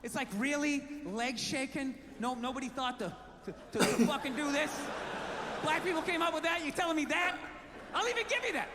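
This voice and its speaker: High-voiced ranting male comedian. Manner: ranting, profane and animated. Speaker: stand-up comedian. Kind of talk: stand-up storytelling. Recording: played clip with background noise.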